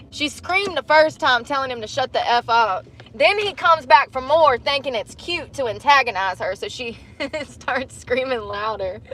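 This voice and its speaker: A woman's voice: high-pitched, bright, forceful tone. Chatty woman in a parked car. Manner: rambling, candid, laughs often. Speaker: livestreamer. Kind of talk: casual livestream chat. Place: parked car in a parking lot.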